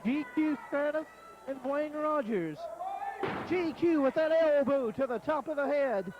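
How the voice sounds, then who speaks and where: A man calling a wrestling match play by play in a folksy, excited way. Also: extremely high pitch, a little slow, highs cut off. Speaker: wrestling commentator. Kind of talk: play-by-play commentary.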